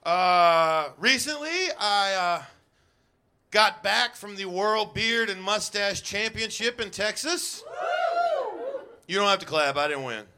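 Male stand-up comic, high-pitched and bright, loose self-mocking delivery. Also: slow pace, a little hiss or hum. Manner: self-deprecating, rambling with fillers. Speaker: stand-up comedian. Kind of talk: stand-up comedy set.

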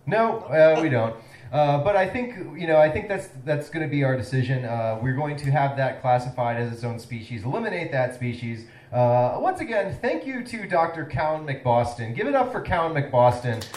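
A male host runs a mock town-meeting presentation on a comedy stage. He stumbles through fillers and restarts. His pitch rises and falls a lot, and the room rings around him. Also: sing-song, darkish tone, roomy sound, distant mic, poor audio. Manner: halting, filler-heavy delivery, breaking into laughter.

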